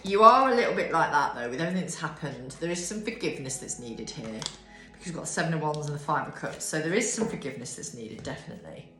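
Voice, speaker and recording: Sleepy and swearing freely, a woman with a low voice reads tarot casually to camera, yawning yet talking fast and animatedly. She sits indoors in a bright room at home, filmed by a desk camera with a ring light, the room echoey with faint music behind her.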